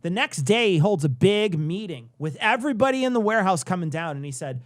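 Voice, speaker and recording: A man's voice: sits high, a little fast, hardly any pauses, dry recording, studio quality. An American man in his forties co-hosting a podcast, telling stories in casual chat and swearing freely. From United States. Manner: swearing, animated storytelling. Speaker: podcast co-host.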